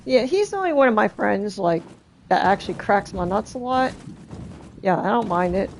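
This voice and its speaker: A woman's voice: mid-range voice, lively intonation, moderate pace, vocal fry, slight background noise. A young woman streaming a game, chatting bluntly and casually with her viewers and swearing freely. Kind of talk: casual live-stream chat while gaming.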